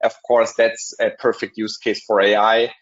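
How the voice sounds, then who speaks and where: A man with a German accent giving a live software demo in a webinar, talking casually with many ums and restarts. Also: on the low side, level tone, moderate pace, highs cut off. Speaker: webinar presenter.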